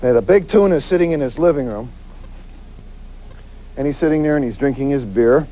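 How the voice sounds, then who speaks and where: Animated man giving a street-safety lecture. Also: mid-range voice, brisk, low-quality recording. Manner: animated, acts out quoted voices, emphatic repetition. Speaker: police detective giving a safety talk. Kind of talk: lively crime-prevention lecture.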